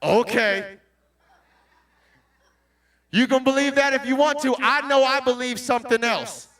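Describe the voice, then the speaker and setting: High, bright-voiced man preaching, heard from far off. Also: brisk. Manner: animated, calls out questions to the crowd; bursts into shouts. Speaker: Christian motivational speaker. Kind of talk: preaching to a young audience.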